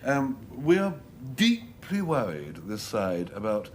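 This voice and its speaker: A man's voice: medium pitch, huge pitch swings, slow pace, a little hiss or hum. A man captaining a panel game team, talking in a hesitant, amused way.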